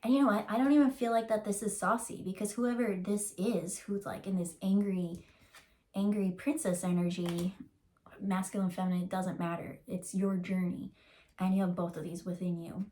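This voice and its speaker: A woman giving a casual channeled tarot reading, rambling and emotional, with many fillers, and slowing down to stretch out key words. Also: medium pitch, fairly even intonation, mellow. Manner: rambling and emotional, full of likes and ums, slows to drag out key words. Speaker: tarot reader.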